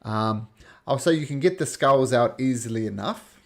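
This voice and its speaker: Man, game master, middle pitch, loose descriptive narration, fillers. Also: normal speed.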